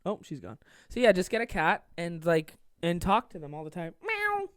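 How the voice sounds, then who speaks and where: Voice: mid-range voice, a little fast, no echo, clean studio sound. A young adult podcast host giving casual, sarcastic, profanity-laced advice to listener questions from a home desk.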